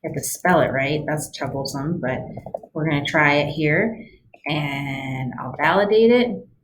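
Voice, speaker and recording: A woman with a low voice talks students through their homework on a screen recording. She is a German teacher, chatty and patient, explaining each step. A faint hiss sits under her voice. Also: a little slow.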